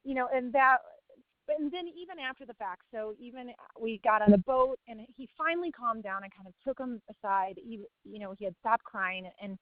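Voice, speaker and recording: A woman tells a story on a coaching call, her voice sitting a little high. She talks casually and breaks into laughter between her words. The sound is dry and tinny, like a phone line. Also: lively intonation, a little fast, dry recording.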